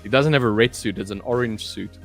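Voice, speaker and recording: A man's voice: lowish voice, a little fast, gravelly, soft background music. A man from South Africa co-hosting a casual live stream, joking and calling people "mate". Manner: jokey, drops "mate" often. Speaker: co-host.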